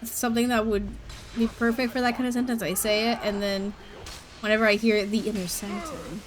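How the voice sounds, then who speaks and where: A woman with a somewhat high voice keeps up casual commentary while she plays a game. She is chatty and giggly and swears now and then. Faint background noise sits behind her. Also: steady tone, a little fast. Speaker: streamer.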